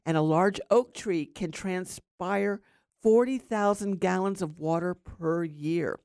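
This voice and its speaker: A woman's voice: fairly low pitch, dark tone, no room sound, studio quality. A woman hosting a syndicated radio gardening show, chatting casually with many fillers and explaining plant science. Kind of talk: casual radio talk with call-ins. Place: radio studio.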